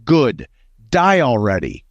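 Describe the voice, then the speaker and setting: A man's voice: mid-range voice, huge pitch swings, slow pace, no room sound, lo-fi sound. An American man hosting political talk radio, emphatic and indignant, often repeating words as he builds a point. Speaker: radio talk show host.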